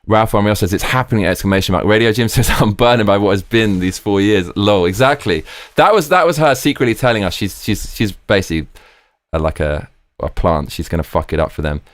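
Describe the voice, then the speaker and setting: A man hosting a live stream, excitedly reading viewer comments aloud and swearing freely. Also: lowish voice, a little fast, dry recording.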